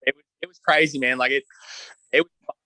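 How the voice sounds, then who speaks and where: A man's voice: medium pitch, steady tone, brisk, sharp tone, no room sound. A man with an Australian accent, a podcast guest telling stories in a laid-back, joking way with lots of casual fillers. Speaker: podcast guest, truck driver. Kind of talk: casual storytelling chat.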